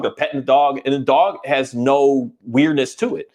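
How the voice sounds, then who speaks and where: Animated man telling dog stories. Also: medium pitch, normal speed. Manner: animated storytelling, acts out quoted voices. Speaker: dog trainer. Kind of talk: casual podcast conversation.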